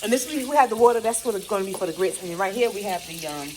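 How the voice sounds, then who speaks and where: Woman, excited casual cooking vlog, middle pitch, noisy home recording. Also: rapid-fire. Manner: excited, chatty, says y'all often. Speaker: vlogger. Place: home kitchen with frying food.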